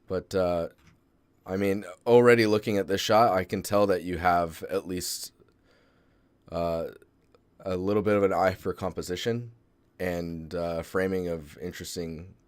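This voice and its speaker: A man with a very low, deep voice talks through an art portfolio on a live stream, loose and rambling, stopping and restarting his thoughts. The sound is close and dry, with almost no room around it. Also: unhurried, long pauses, no room sound. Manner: relaxed, rambling, many fillers and restarts. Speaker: host reviewing art portfolios. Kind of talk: casual live-stream critique.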